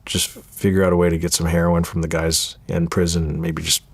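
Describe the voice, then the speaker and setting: Brief: low male voice, thirties, animated storyteller, dry studio sound. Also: brisk, creaky, slightly rough, no echo. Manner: animated storyteller acting out quoted dialogue. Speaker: interview guest. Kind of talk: storytelling interview.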